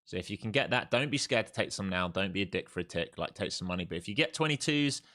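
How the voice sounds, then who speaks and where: A man's voice: sits low, animated, fast talker, bright, forceful tone. A man hosting a live trading stream, giving jokey, repetitive commentary and urging his viewers on. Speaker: live stream host and trader.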